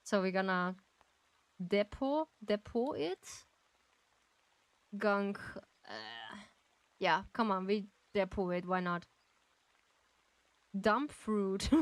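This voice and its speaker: Slow-talking giggly woman streamer. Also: medium pitch, no echo. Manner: giggly, chatty, thanks viewers warmly. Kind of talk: casual livestream chat while playing a game.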